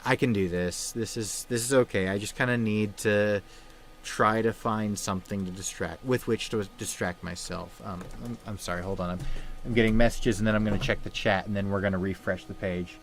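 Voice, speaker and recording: A young man hosting a livestream, talking in a halting, subdued way with many fillers and restarts, grieving and somber. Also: on the low side, fairly even intonation. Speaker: livestream host. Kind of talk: casual livestream chat.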